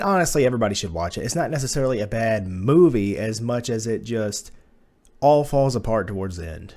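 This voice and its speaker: A man's voice: mid-range voice, a little mellow. A man giving a casual spoken movie review, blunt and profane, slipping into exasperated rants.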